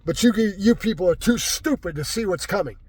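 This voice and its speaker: An agitated man vents in an angry political rant, circling back again and again with "right?". His voice sits high for a man and has a husky edge. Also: lively intonation, a little fast, a little mellow, dry recording. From California. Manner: agitated, repetitive, keeps asking "right?". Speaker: vlogger.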